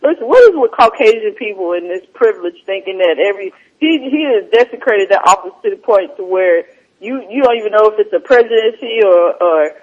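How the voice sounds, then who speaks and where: A man, hosting a casual comedy show. He speaks high for a man, rambling and animated, with frequent laughter breaking through his talk. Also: brisk, muffled recording. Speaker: podcast host.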